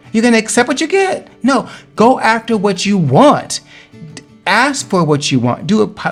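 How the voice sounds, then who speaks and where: A man earnestly talking through personal affirmations in a motivational vlog, encouraging and emphatic. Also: high-pitched. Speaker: vlogger sharing affirmations. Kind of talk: motivational talk to camera.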